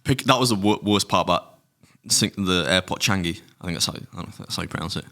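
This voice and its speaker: A man's voice: deep voice, fast talker, gravelly, pushed and bright. A middle-aged man co-hosting a podcast, telling rambling anecdotes with plenty of swearing and laughs. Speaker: podcast co-host. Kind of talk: casual chat, storytelling.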